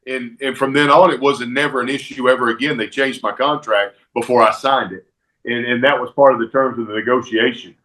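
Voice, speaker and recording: A man from Alabama with a Southern accent, a podcast guest telling animated anecdotes in casual chat. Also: mid-range voice, brisk. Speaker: podcast guest, former wrestler.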